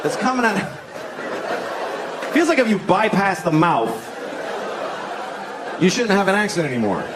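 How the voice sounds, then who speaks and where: A man's voice: high-pitched, sing-song, unhurried. Sardonic man doing stand-up. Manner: sardonic, builds to shouted rants. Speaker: stand-up comedian. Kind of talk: stand-up comedy set. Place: comedy club stage. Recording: live club with loud crowd and noise.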